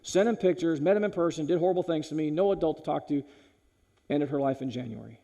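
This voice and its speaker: A man giving a talk at a school chapel, animated and direct, swinging between loud punchy lines and low hushed ones, calling the listeners "you guys". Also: fast talker, gravelly, muffled recording. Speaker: chapel speaker.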